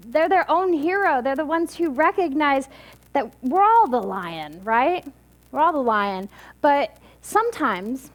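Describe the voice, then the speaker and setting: High-voiced woman preaching chattily. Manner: chatty and halting, with many restarts, laughing at herself. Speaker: minister. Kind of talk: sermon with storytelling.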